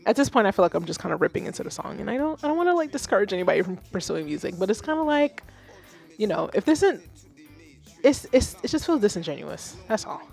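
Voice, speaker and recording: Blunt, animated woman host reviewing music. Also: medium pitch, quick pace, vocal fry. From Haitian. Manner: blunt, animated, swears freely. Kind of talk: casual livestream commentary.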